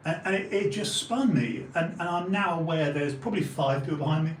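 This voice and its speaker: A man in his forties with an Essex and London accent, hosting and telling a long anecdote in casual chat, animated, swearing freely and acting out the people in his story. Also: on the high side, a little fast, reverberant, a little hiss or hum, rough recording. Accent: Essex and London English. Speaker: podcast host.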